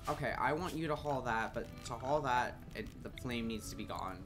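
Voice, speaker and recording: A man streaming a colony-building game, chatting and reading out game text, quickly exasperated with his colonists, swearing and then apologizing. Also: medium pitch, expressive, over music. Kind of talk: casual gameplay commentary.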